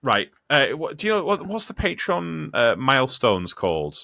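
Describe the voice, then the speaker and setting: An excitable man chats on a podcast, swearing freely and stumbling as he hunts for words. His bright voice jumps around in pitch, and the sound is dry and close. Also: normal speed, vocal fry, no room sound. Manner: excitable, loses his train of thought, swears. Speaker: podcast co-host. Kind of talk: casual podcast banter.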